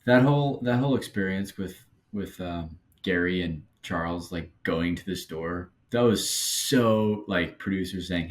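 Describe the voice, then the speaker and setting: A man with a very low voice chats loosely about a reality show episode. He hesitates often, trails off and circles back to his point. His delivery stays easygoing. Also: unhurried, few pauses. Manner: rambling, lots of fillers and hesitation. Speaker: podcast co-host. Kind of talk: casual recap chat.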